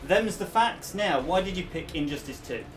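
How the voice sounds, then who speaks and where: A man's voice: sits high, lively intonation, moderate pace, recorded from a distance, soft background music. A British man hosting a retro games show in a jokey, playful way. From Britain. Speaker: host. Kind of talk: comic show introduction.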